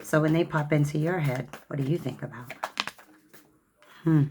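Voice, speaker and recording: A woman's voice: low-pitched, normal speed, background noise. A woman giving a tarot card reading in a sassy, chatty way, calling the listener honey and child. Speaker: tarot reader.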